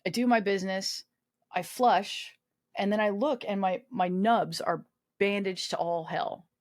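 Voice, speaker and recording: A woman's voice: medium pitch, steady tone, measured pace. A woman in her twenties, a guest on a podcast, telling a personal story candidly with self-mocking humor, swearing and lots of fillers. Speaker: podcast guest, army veteran.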